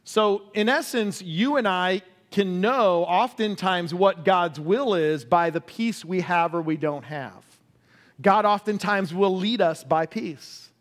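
High-voiced preaching pastor. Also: male voice, takes it slowly. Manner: preaches with call-and-response questions to the congregation; acts out quoted cries loudly and drops to a hush. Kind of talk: sermon.

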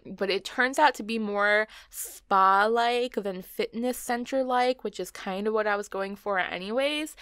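A woman's voice: medium pitch, a bit bright, dry recording. A woman talks over her own building video in a casual, rambling way, often wandering off on tangents and poking fun at herself. Her voice sits in an ordinary middle range, and the recording is close and dry, with no room sound. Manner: rambling and self-mocking, with frequent laughs and tangents. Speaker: gaming channel host.

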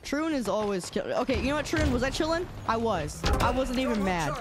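A woman game streamer in casual live-stream chat, playful and teasing, arguing loudly with her chat. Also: a little high, very animated, a little fast, background noise. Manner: playful, teasing and argumentative, loud when riled.

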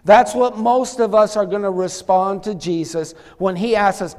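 A man's voice: high-pitched, steady tone, moderate pace, few pauses, darkish tone, in a large hall. A man preaching a sermon as pastor, emphatic, calling on the congregation to answer back. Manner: emphatic, calls for congregation responses. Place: church sanctuary.

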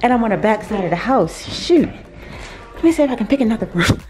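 Talking fast and expressively in a slightly high, darkish voice, a female vlogger shows viewers around a big vacation house, laughing a lot and thinking out loud. The tour later heads out to a deck, and music plays under her speech.

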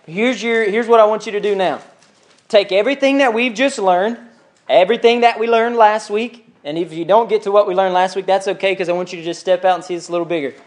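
A man with a fairly high voice teaches a church Bible study. He talks with the group, puts questions to them and leans hard into the scripture he reads aloud. It sounds like a classroom at church.

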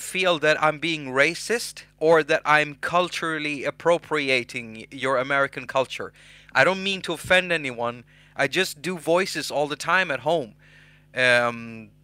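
A man hosting a casual software tutorial, chatty and self-mocking. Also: a little high, no room sound. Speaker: host.

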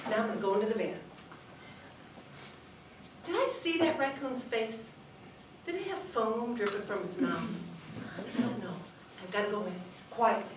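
A woman giving a humorous speech at a contest, telling a story in an animated way. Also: a little high, slight background noise. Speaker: contest speaker. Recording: echoey hall, heard from far off.

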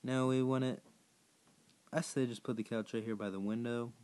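A hoarse man who has partly lost his voice, chatting casually to viewers as he plays a game and sets tasks for them. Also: medium pitch, steady tone, normal speed, darkish tone. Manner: rambling, chatty, addressing viewers directly. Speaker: gaming YouTuber. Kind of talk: casual gameplay commentary.

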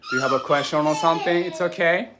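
A man with a Japanese accent leads a livestreamed sword lesson from home. He talks haltingly, with many fillers, coaching and reassuring his students. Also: on the high side, fairly even intonation, noisy background. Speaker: sword instructor.

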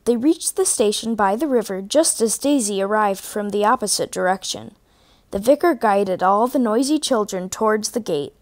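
A woman reading a children's storybook aloud in a clear, even manner. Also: medium pitch, moderate pace. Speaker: storybook reader.

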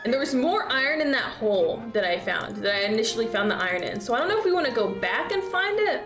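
A young woman streaming a game, chatting with her viewers in an excitable, exclamatory way with lots of swearing. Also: fairly high pitch, fast, reverberant, over music. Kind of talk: casual live-stream gameplay commentary.

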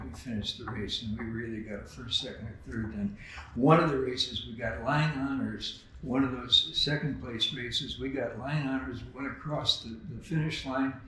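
A man's voice: mid-range voice, fairly bright tone, far from the mic, a little hiss or hum. An older man telling sailing anecdotes at a memorial, often laughing as he talks. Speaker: memorial speaker, skipper. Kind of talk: storytelling eulogy. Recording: very echoey hall.

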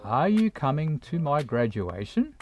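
Slow, lively-pitched grammar lesson narrator. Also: soft background music. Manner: slow, deliberate explaining with read-out examples. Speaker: English teacher.

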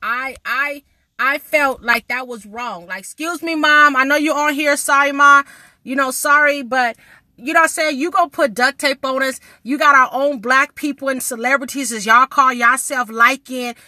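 A woman's voice: high voice, pushed and bright, dry recording. A woman, ranting to her camera in a blunt, indignant vlog full of swearing. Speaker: vlogger. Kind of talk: casual vlog rant to camera.

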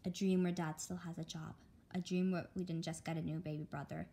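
A woman reading a graphic novel aloud with expressive storytelling. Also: lowish voice, brisk. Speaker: reader.

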